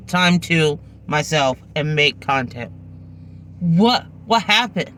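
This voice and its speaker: A woman's voice: deep voice, drawn-out words, fairly bright tone. A woman telling a personal story in a casual vlog, acting out the people in it, recorded on a phone in her car.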